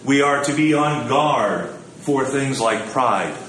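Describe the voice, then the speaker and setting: A man's voice: medium pitch, lively intonation, takes it slowly, fairly bright tone, echoey room, slight background noise, rough recording. A man giving a sermon in a conversational, storytelling way, acting out the quotes he tells. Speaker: preacher.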